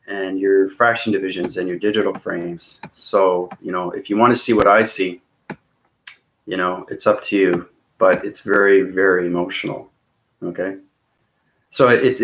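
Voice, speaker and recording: A man with a lowish voice talks straight to his viewers in a long, rambling vlog monologue. He is intense and earnest, and he keeps tagging his sentences with "okay?" and "right?" to check that they are following. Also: fairly bright tone. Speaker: spiritual vlogger.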